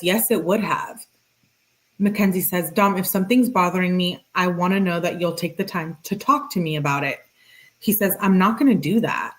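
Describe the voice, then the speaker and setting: A woman hosting a commentary video, reading text messages aloud in a plain, unhurried way with dry asides. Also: on the low side.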